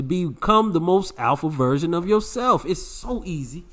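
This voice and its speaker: A man's voice: a little high, expressive, normal speed, hardly any pauses, a bit bright. Brash preachy man hosting a podcast. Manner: brash, preachy, swaggering slang-heavy talk. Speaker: podcast host. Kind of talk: preachy self-help podcast monologue.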